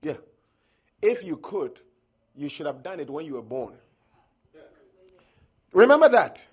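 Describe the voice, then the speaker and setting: A man's voice: on the high side, very animated, a little slow, breathy edge. A man preaching a sermon, emphatic, quoting scripture and rising and falling in force.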